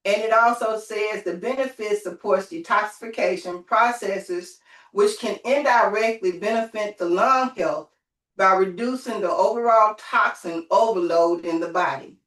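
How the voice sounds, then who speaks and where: Woman telling a lively story, far off. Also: medium pitch, measured pace. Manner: lively storytelling, calls on listeners. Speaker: group host. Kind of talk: motivational group call talk. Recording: roomy, from off the mic.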